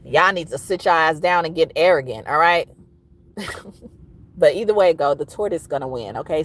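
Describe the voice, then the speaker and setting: A woman tarot reader, signing off to her viewers in a lively way that swings between teasing and aggravated. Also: low voice, normal speed. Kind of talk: casual sign-off monologue to viewers.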